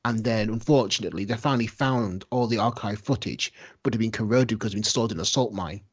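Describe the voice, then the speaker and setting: A man's voice: fairly low pitch, fast talker, breathy edge. A man on a podcast panel, sharing film anecdotes in a knowledgeable, casual way. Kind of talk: casual chat. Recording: dull lo-fi sound.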